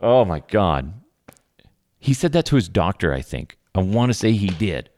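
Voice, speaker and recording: A man's voice: low-pitched, normal speed. A man in his thirties hosting a podcast, telling rambling stories about his kids in a casual chat. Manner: rambling, animated storytelling with laughs. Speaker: podcast host.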